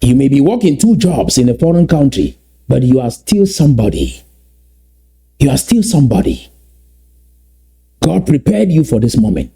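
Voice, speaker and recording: A man from Southern Cameroons, giving an emphatic motivational address that repeats and slowly stresses key phrases. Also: medium pitch, sing-song, gravelly, mellow, breathy edge. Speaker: activist speaker.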